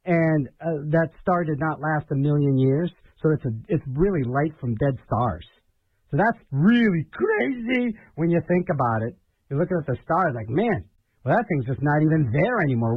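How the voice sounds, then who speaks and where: Husky-voiced man rambling on radio. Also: a little high, no echo, narrow, tinny audio. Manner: rambling, with repeated fillers and restarts. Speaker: radio host. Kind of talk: casual on-air musing between songs.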